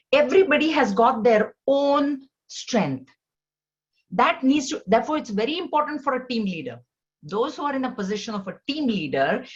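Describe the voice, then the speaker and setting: A woman teaching a scripture class, earnest, often restarting her sentences and rising in pitch to stress her points. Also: lo-fi sound. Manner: earnest, repetitive, with many restarts. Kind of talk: spiritual lesson on scripture.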